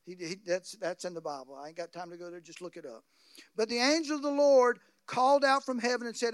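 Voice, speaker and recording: A male pastor preaching a sermon, swinging from quiet asides to loud, excited bursts. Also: high-pitched, a little fast, no room sound, clean studio sound.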